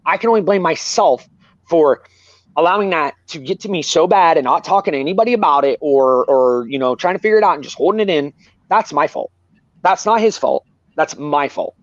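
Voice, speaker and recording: A man's voice: a little high, expressive, fairly quick, no room sound, highs cut off. A man talking candidly and earnestly as a guest, rambling and repeating himself. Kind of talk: candid personal talk.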